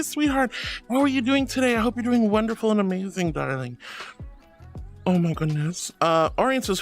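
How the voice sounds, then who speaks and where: A man streaming live, reading chat aloud and chatting casually, affectionate and giggly, calling his viewers sweetheart and darling. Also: sits high.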